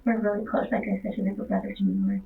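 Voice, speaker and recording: A woman's voice: mid-range voice, sing-song, racing. Hesitant young woman on a distant tinny recording. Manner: hesitant, rambling with many fillers. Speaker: witness. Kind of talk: police interview.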